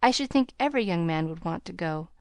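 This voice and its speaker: A woman's voice: lowish voice, animated, fast talker, smooth, dry recording. A woman voicing a bashful, sweet young governess in an audiobook, speaking timidly and earnestly.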